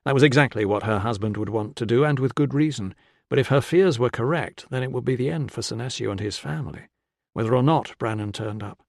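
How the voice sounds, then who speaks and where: A man narrating a historical crime audiobook in a measured storytelling way. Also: medium pitch, creaky, no room sound, clean studio sound. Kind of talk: scripted narration.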